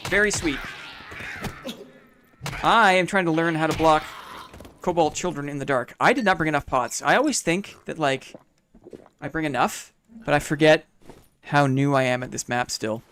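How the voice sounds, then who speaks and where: A man's voice: fairly high pitch, normal speed, pauses often, fairly bright tone, a little hiss or hum. A young man with a small-town Canadian accent, chatting casually while streaming a game, thanking viewers and making playful sound effects. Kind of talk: casual gameplay commentary.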